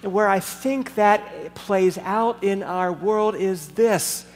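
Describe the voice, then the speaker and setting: A man preaching a sermon, emphatic and deliberate, telling a story to make his point. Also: high voice. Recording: long hall reverb, faint background noise.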